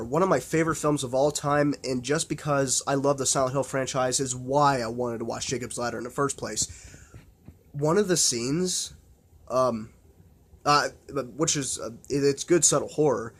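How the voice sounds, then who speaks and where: A man's voice: medium pitch, slightly rough. Man, mid-range voice, unscripted vlog chat: rambling, filler-heavy, profane, eager. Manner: rambling, full of fillers and restarts; blunt and profane. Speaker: horror film vlogger. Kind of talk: casual unscripted film talk.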